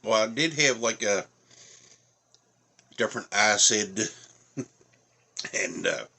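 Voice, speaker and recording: Bright-voiced Atlantic Canadian man rambling. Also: on the low side, expressive, takes it slowly, gravelly, slightly rough. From Nova Scotia, Canada. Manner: rambling, many fillers, talks while eating. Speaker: food reviewer. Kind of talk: casual tasting review.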